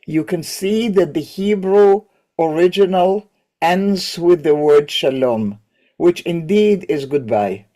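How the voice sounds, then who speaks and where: A woman's voice: low-pitched, mellow. A woman teacher with a cold, lecturing on poetry in a thoughtful, digressive way that corrects itself as she goes. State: has a cold, coughing.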